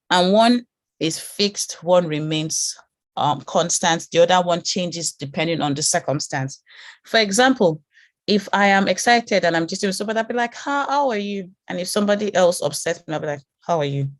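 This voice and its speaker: A woman with a lowish voice teaches a branding lesson in a calm, reassuring manner. She often repeats words while she gathers her thoughts. The sound is dry and close. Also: normal speed, no echo. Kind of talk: online class lecture.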